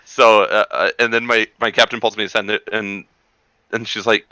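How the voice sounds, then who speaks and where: A man with a low, bright and crisp voice tells animated stories in a casual podcast chat. He is from the western US and drifts into mock accents as he goes. The sound is close and dry. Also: normal speed, no room sound, poor audio. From western United States.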